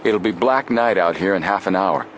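A man voicing a steady, decisive teenage boy sleuth who talks quietly and plainly. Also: low voice, moderate pace, a little hiss or hum. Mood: calm. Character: calm, level-headed teenage boy sleuth, older brother.

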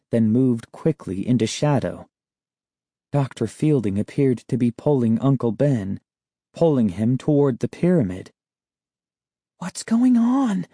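A man narrating a children's novel in a slow, measured storytelling manner. His voice is mellow and warm, recorded close and dry with no room sound. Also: mid-range voice, dry recording. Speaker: audiobook narrator. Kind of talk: scripted narration.

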